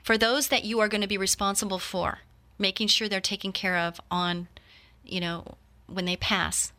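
A woman's voice: medium pitch, steady tone, moderate pace, pushed and bright. A woman in her fifties in heartfelt personal talk, earnest and reflective, speaking straight to her listeners. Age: 50s.

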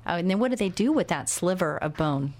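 A woman's voice: lowish voice, expressive, fairly quick, darkish tone. A woman hosting a radio talk show, interviewing a guest and making earnest, urgent appeals to listeners.

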